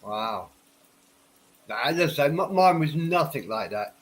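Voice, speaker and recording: A man's voice: a little high, sing-song, unhurried, slight background noise, low-quality recording. Stuffed-up rambling man on a stream. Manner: rambling, repeats words and restarts often; tipsy after a few whiskeys. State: stuffed up from a head cold. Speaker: livestream host. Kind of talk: casual livestream chat. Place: home office.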